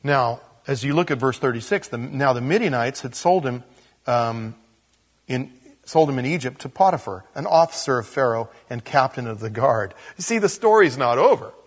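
Husky-voiced man teaching a Bible passage. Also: mid-range voice, normal speed. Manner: casual, chuckles at his own asides, acts out quotes. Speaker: pastor.

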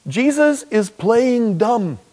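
A man preaching a sermon, animated and jokey, acting out bits of dialogue as he goes. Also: extremely high pitch, takes it slowly. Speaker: pastor.

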